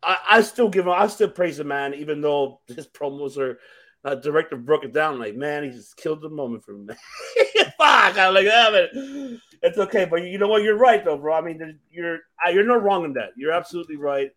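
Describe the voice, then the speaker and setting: A man with a notably high speaking voice hosts a casual chat. He talks excitably, laughs often and swears freely. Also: a little fast. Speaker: podcast host.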